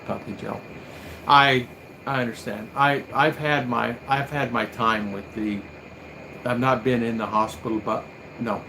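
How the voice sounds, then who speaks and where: A man's voice: medium pitch, background noise. An older man from the United States hosting a casual livestream, telling rambling stories and acting out the voices of people he quotes. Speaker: livestream host.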